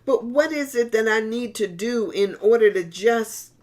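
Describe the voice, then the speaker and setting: A woman's voice: a little high, measured pace, a little mellow. A middle-aged woman pastor giving a sermon in a conversational style, often repeating and restarting words and addressing the congregation directly.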